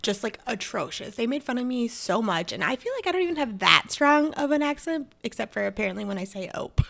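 A woman's voice: a little high, expressive, fast, creaky, fairly bright tone. A young woman with a Minnesotan accent, co-hosting a podcast with playful casual chat. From Minnesota, USA. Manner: playful, interjecting.

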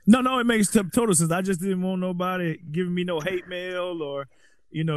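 A middle-aged man from the Deep South hosts a loose conversation. His voice sits a bit high, and he rambles earnestly, repeating words as he gets going. The sound is close and dry. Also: a little fast, clear, resonant tone, dry recording. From American Deep South. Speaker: host. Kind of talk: casual conversational chat.

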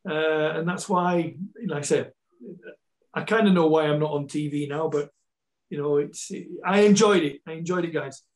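A man's voice: on the high side, fairly even intonation, moderate pace, poor audio. A man with a Yorkshire Scottish accent, a football coach chatting as a guest, rambling with many repeats and restarts. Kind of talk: casual chat, storytelling.

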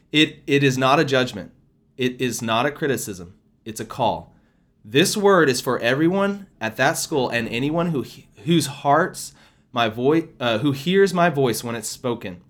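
A man's voice: mid-range voice, expressive, fairly bright tone. Earnest man preaching a prophetic word. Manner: earnest, prayerful, addresses listeners as y'all; slows and leans harder on words when explaining scripture. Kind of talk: spontaneous sermon and scripture reading.

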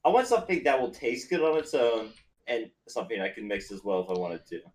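Man, podcast host, casual, blunt, jokey, mid-pitched voice. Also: sing-song, poor audio. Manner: blunt, joking, quick interjections. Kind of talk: casual chat.

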